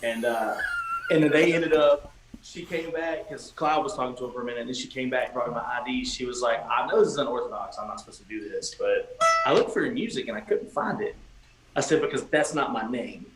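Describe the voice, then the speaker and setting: Guest musician, male, lively anecdote teller, roomy echo. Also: mid-range voice, brisk, music in the background. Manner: animated storyteller, swearing, acting out quotes. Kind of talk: casual storytelling on a livestream. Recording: echoey room with faint ambient noise.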